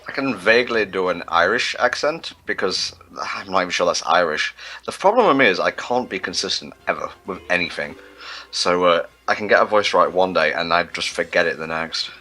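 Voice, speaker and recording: A man's voice: low voice, expressive, a little fast, bright, forceful tone. A man co-hosting a gaming livestream, rambling and self-mocking in casual chat. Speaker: livestream co-host.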